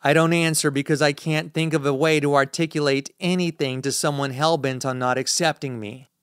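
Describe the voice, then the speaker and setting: A man's voice: a little high, fairly even intonation, brisk, a bit bright, smooth, no room sound, studio quality. Man narrating a tense audiobook. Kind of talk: scripted first-person audiobook narration.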